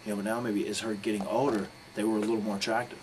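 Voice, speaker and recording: Speaking fast in a lowish voice, a pro wrestler being interviewed recounts a story candidly, swearing and drifting from detail to detail. A constant hum of background noise runs beneath him.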